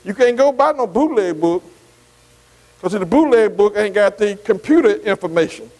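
High-voiced older preacher, call-and-response. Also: male voice, animated, moderate pace, darkish tone, rough recording. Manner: repetitive call-and-response, many "see" and "amen" asides. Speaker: pastor. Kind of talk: bible study sermon.

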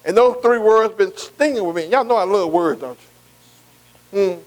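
Man, preaching, high voice, call-and-response with the congregation. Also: moderate pace, poor audio. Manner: repeats "am I right?" to the congregation.

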